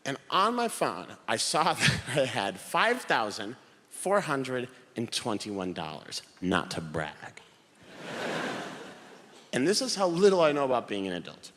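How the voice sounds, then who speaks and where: A man in his thirties doing a stand-up comedy set on a theater stage, telling animated stories and shouting punchlines in put-on voices. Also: medium pitch, measured pace. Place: theater stage before a laughing audience. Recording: live hall reverb, faint noise.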